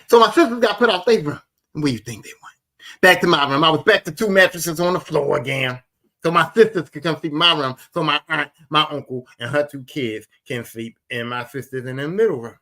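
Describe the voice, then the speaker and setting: Philly guy on a podcast, middle aged, bright voice, storytelling and repeating himself for emphasis. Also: on the high side. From Philadelphia. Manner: animated, repetitive, emphatic retelling. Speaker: podcast host. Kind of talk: casual storytelling.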